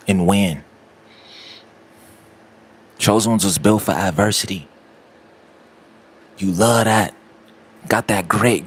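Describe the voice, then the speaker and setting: A motivational speaker with a low, husky voice gives a preachy talk aimed straight at the listener, repeating his points again and again.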